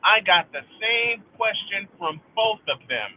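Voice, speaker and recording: Expressive and unhurried, a middle-aged livestream host with a high-pitched voice unloads an angry, profane monologue and repeats lines for emphasis. The tinny, phone-like audio has slight background noise.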